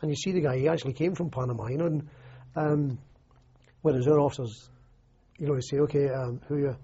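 A man's voice: on the high side, fast, dark tone, slightly rough. An older Scottish man, an army veteran, recalling his service in a rambling, anecdotal oral history interview full of "you know" and restarts. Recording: muffled lo-fi recording.

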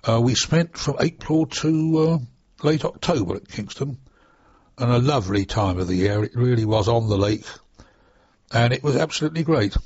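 A man's voice: mid-range voice, expressive, normal speed, darkish tone, slightly rough, no echo. An older man, chattily reminiscing in an oral history interview with rambling asides, on a dull lo-fi dry recording. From United Kingdom. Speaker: interviewee, former RAF trainee pilot.

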